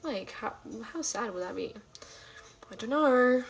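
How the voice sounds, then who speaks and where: A woman hosting a casual livestream from home, rambling with lots of fillers as she answers chat, now and then dropping into soft half-whispered asides. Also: on the high side, expressive, measured pace, vocal fry, soft background music, low-quality recording. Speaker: livestream host. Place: at home late at night.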